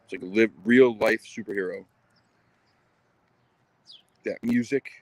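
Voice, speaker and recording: A man's voice: lowish voice, a little slow, no room sound. A man casually chatting on a live stream while walking his dog outdoors, rambling with lots of ums and uhs. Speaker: channel host.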